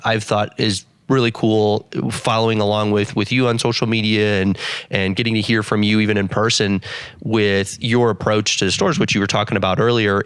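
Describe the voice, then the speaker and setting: A man hosting a casual podcast, telling stories with lots of fillers and lively quoted voices. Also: fairly low pitch, smooth, no room sound. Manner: storytelling, many fillers, playful quoted voices. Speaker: podcast host.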